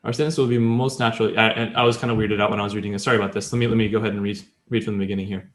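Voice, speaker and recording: A man's voice: fairly low pitch, level tone, racing. Chatty man explaining grammar, echoey room. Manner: chatty, many fillers, explains step by step. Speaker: podcast co-host. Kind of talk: casual language-learning chat.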